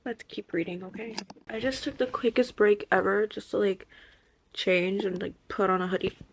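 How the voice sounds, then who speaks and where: Animated young woman vlogger. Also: mid-range voice, moderate pace, slight background noise. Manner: animated, incredulous reactions, reads passages aloud. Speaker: book vlogger. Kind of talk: casual chat reading aloud.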